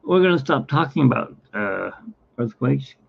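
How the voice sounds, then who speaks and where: A man vlogging casually at home, rambling to the camera and talking softly to his cat. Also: very animated, normal speed. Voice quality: gravelly, husky. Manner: rambling, talks to his cat, often drops to a low, quiet voice. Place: home, indoors. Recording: dull lo-fi home recording.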